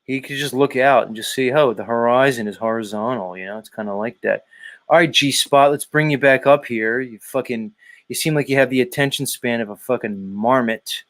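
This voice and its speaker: A man's voice: mid-range voice, normal speed, a bit bright, no room sound. Teasing man hosting a livestream. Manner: teasing, rambling, uses many fillers. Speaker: host. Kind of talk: casual livestream chat.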